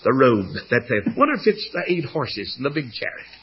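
A man preaching a sermon, voicing a humble old king in rags who feels unloved, with a raspy voice. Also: mid-range voice, big pitch swings, fairly quick, dull audio, slight background noise, lightly acted. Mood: musing.

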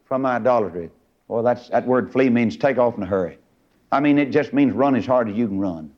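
A middle-aged preacher, delivering a fiery sermon and swinging from loud highs to low asides. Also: male voice, animated, moderate pace. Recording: dull lo-fi recording.

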